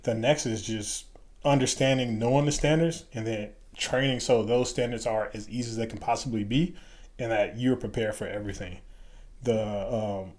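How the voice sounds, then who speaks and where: In a casual interview, the guest, a middle-aged ex–Green Beret from Chicago, tells animated stories and mimics the people he quotes. He talks at a moderate pace with a medium-pitched voice.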